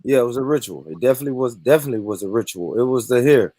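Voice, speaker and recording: A man's voice: medium pitch, lively intonation, very fast, mellow, dry recording. An American man on a panel, confidently explaining in casual chat. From United States. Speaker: panel guest.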